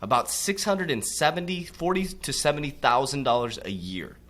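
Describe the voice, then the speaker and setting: A man giving a preachy motivational talk, calling his listeners warriors and dropping low and quiet on those tag words. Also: big pitch swings, normal speed. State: coughing from allergies. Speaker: crypto motivational coach. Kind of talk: motivational monologue.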